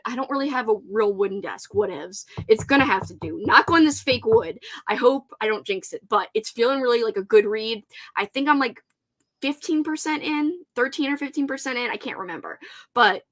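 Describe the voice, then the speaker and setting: A woman's voice: medium pitch, fairly bright tone. A woman hosting a casual reading livestream, gushing and laughing often as she answers viewer comments. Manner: bubbly and gushing, laughs often, many "like" fillers.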